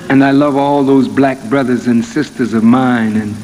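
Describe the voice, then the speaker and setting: A male minister preaching a sermon, his voice building to high, emphatic peaks. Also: steady tone, moderate pace, a little mellow. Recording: archive sermon in reverberant hall, faint noise.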